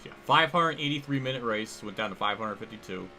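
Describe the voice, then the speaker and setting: A man's voice: lowish voice, expressive, brisk, sharp tone, a little hiss or hum. A man livestreaming a sim-racing game, commenting casually and rambling, restarting his sentences and swearing now and then. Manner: rambling, casual, thinks aloud with frequent restarts.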